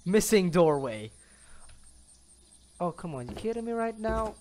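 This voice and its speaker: A young man commentates his own gameplay with a very lively, up-and-down voice, often laughing and talking to the characters. A faint hiss sits under the recording. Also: high voice, measured pace. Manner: excitable, talks to the game characters, laughs often. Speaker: gaming channel host. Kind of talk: solo let's play commentary.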